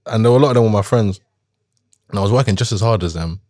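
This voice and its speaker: A man's voice: on the low side, fast, warm tone, no echo, studio quality. A man, a musician talking reflectively and casually in an interview, with plenty of "like" fillers. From South London, England. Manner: reflective, thoughtful, lots of "like" fillers. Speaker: musician guest.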